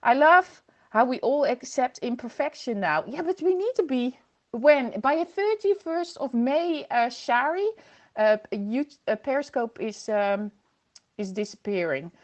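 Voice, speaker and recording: A woman chats through a casual livestream from home, greeting viewers by name and laughing as she goes. Her voice sits high, and she speaks into a computer microphone. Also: lively intonation, unhurried, dull audio. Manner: chatty, reads viewer comments aloud, laughs often. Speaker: livestream host.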